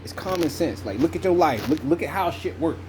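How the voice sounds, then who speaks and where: A man from the telling a personal story in casual, profane, animated chat. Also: a little fast, very noisy. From Southern United States. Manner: animated, profane, jumps into high voices when quoting himself. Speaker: podcast host.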